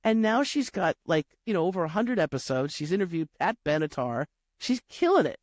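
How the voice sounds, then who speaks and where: A woman's voice: lowish voice, sing-song, a little fast, a little mellow, no room sound, studio quality. A woman who coaches podcasters, speaking as an interview guest in an upbeat, encouraging way. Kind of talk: interview conversation.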